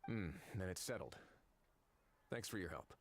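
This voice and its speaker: A man voicing a calm, formal adult official in a game, speaking in a measured way. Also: sits low, slight background noise, lightly acted. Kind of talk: game voice acting.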